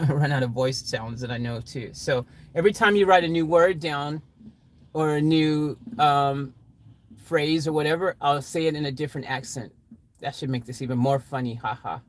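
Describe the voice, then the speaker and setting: A woman's voice: low voice, moderate pace. A woman hosting a livestream, chatting playfully with her viewers and laughing often as she sets up an improvised story. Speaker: livestream host. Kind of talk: casual improv storytelling to a chat.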